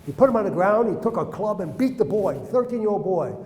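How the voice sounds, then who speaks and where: A man's voice: high voice, lively intonation, fast talker, a little mellow. A man giving an earnest storytelling lesson to a group of young men, acting out the dialogue in his stories. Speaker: religious teacher. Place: indoor room with young listeners. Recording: roomy hall reverb.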